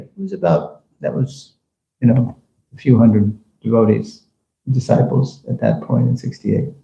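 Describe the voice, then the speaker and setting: A man's voice: mid-range voice, steady tone, unhurried, gravelly, dark tone. A man giving a conversational scripture class in a temple, talking casually with fillers and small chuckles. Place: temple hall. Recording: dull, echoey room recording.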